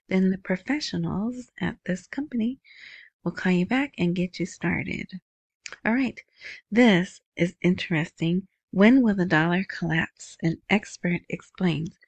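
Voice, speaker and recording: Kinda low-voiced woman talking slow about the news, dry close sound, keeps saying right?. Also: dry recording, lo-fi sound. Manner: chatty, asks "right?" often, slow and unhurried. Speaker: video host. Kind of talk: casual news commentary.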